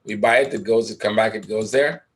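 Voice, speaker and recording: Man, low voice, trading webinar teacher, conversational, asks himself questions, desk mic. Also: brisk. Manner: thinking aloud, asks and answers his own questions; conversational, frequent "right?" tags. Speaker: trading educator. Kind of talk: live webinar chart walkthrough.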